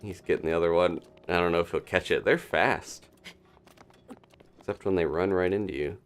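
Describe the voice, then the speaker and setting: A man casually commentating his own gameplay on a live stream, chatting and thinking aloud with quick little laughs. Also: sits low. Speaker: gaming streamer.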